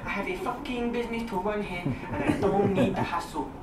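A man's voice: sits high, fairly quick, close to an everyday voice. A man performing a run of different British dialects as a series of blustering, foul-mouthed characters, played back from a recording. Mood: indignant. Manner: switches between many distinct British dialects; swears freely, blustering. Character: assorted British men, brash and profane. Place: clip played aloud in a classroom. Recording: roomy, distant, noisy playback in a classroom.

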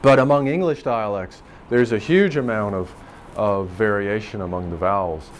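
A man's voice: fairly low pitch, moderate pace. Male professor talking through a lecture, um-ing and circling back a lot, faint room hiss. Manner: rambling and thoughtful, with frequent ums and restarts. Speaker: language professor. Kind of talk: classroom lecture. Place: classroom.

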